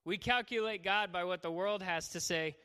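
With a high, smooth, sharp-toned voice at a moderate pace, a young youth pastor preaches and jokes, voicing the characters in his stories himself. Long hall reverb colors the recording.

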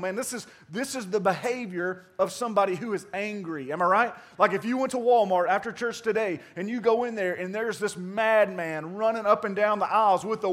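A man giving a conversational sermon, swinging from loud emphatic bursts to hushed asides and often saying "man". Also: high-pitched. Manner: conversational preaching with repeated "man". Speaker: pastor.

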